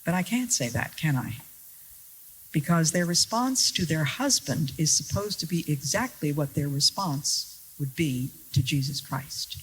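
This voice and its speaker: A woman preaching a sermon to an audience, earnest and deliberate, with wry rhetorical questions and stressed key words. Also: low-pitched, expressive, a little hiss or hum, low-quality recording. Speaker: Christian speaker.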